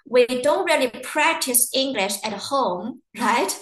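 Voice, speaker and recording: Woman presenter, chatty and anecdotal, slightly high pitch, recorded with room echo. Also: expressive, takes it slowly, fairly bright tone. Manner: chatty, storytelling with acted quotes. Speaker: university webinar presenter. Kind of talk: casual webinar talk. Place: living in Ireland.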